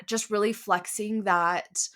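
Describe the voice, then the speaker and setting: Candid woman host, chatty and relaxed. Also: mid-range voice, slow pace. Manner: candid, conversational, many "like" and "um" fillers. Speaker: podcast host. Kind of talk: casual solo podcast talk.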